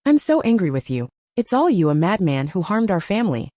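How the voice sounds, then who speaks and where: A woman's voice: medium pitch, very animated, brisk, warm tone, no echo, clean studio sound, lightly acted. A woman voicing a guilty, frantic old woman who pleads and rants, in a storybook reading.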